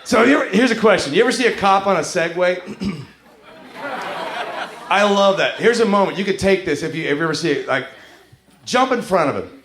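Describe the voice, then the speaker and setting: A man doing a stand-up comedy set on a club stage with a full house, animated and quick to break into song and voices. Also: high voice, some chatter behind, slight background noise. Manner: animated, breaks into loud singing and character voices. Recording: roomy club sound with loud music.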